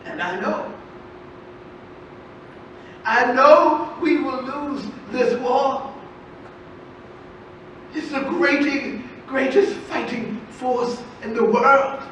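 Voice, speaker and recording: A grieving, defiant enslaved mother and tavern servant, played by a woman storyteller speaks slowly and with force, leaning on repeated words. Her voice is bright and ringing. It carries through a reverberant hall from a distance, captured at a live stage show. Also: high-pitched, slight background noise, exaggerated voice. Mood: angry. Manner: slow, impassioned, repeats phrases for weight. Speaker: storyteller in historical character. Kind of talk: live first-person historical storytelling. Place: festival stage before an audience. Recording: echoey hall, voice from far off.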